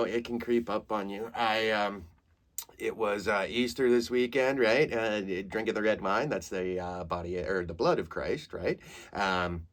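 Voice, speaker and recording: A man in his thirties from Saskatchewan hosts a comedy podcast. He tells stories in a casual, animated way, laughs at his own jokes and swears freely. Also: fairly low pitch. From Saskatchewan, Canada. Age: 30s.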